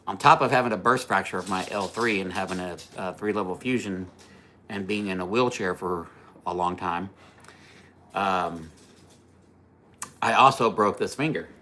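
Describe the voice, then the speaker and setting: A man with a rather low but bright, forceful voice hosts a casual livestream chat. He rambles through personal stories and chuckles at his own jokes. Between stories he reads out and answers viewer comments. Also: slight background noise. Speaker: livestream host.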